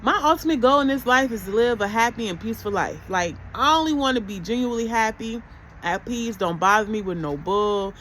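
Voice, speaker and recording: Casual vlogger, woman, high-pitched and chatty, a faint hiss behind her. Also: expressive, a little fast, fairly bright tone, low-quality recording. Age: adult mother. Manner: chatty, conversational, asks rhetorical questions. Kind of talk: casual spiritual self-help talk.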